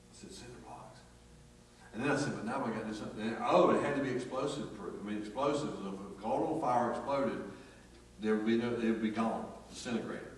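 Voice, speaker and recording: A man preaches from the pulpit, spinning a folksy workplace story and acting out each voice. His voice rings through a big echoey church sanctuary. He sits some way off the microphone, and a faint hum runs underneath. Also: medium pitch. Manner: folksy, animated storytelling with acted quotes. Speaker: pastor. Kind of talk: storytelling sermon. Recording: echoey church hall from far off.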